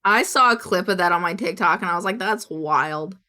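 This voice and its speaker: A young woman streaming, chatting casually and reacting to clips, high and loose, swearing and squealing. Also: fast, pushed and bright. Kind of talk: casual chat reacting to videos.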